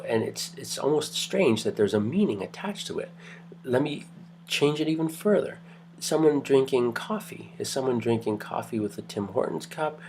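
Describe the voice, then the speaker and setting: A man's voice: mid-range voice, gravelly, a little mellow, slight background noise. A middle-aged man giving a casual university lecture, telling anecdotes in a rambling way with many restarts. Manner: rambling, restarts, lots of fillers.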